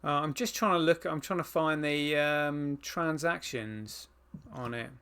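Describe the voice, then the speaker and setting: A man co-hosting a podcast, talking in a halting way with lots of fillers. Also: a little high, bright, forceful tone, clean tone. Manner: halting, filler-heavy, agreeable. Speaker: podcast co-host. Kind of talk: casual chat.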